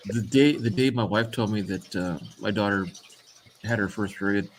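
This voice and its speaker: A middle-aged man in casual chat, telling a story haltingly with many restarts and "uh"s. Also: on the low side, a little hiss or hum. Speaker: co-host.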